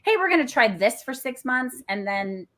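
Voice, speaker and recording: Animated woman chatting on a podcast. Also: a little high, moderate pace. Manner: animated, acts out quoted thoughts, laughs often. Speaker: guest, playwright and theater founder. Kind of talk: casual podcast conversation.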